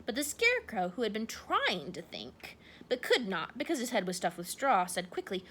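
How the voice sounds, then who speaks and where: A woman reading a children's storybook aloud, her delivery expressive and full of swooping pitch. She tells the tale warmly paced for listeners following along. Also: moderate pace, slight background noise. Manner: expressive, animated. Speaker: storybook reader.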